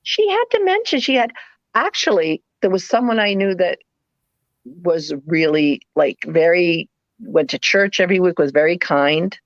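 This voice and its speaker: A middle-aged woman with a New England accent, telling rambling stories in a casual live chat. Her voice swings up and down in pitch as she slips into little put-on voices. The sound is dry and a bit dull, like a lo-fi stream. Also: normal speed, no echo. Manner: rambling, animated storytelling with playful put-on voices. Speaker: live sale host, former nurse.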